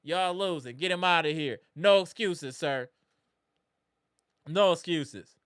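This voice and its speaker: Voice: medium pitch, slow, a bit bright, clean tone. A live sports reaction streamer in a casual rant, trash-talking rival fans with lots of slang.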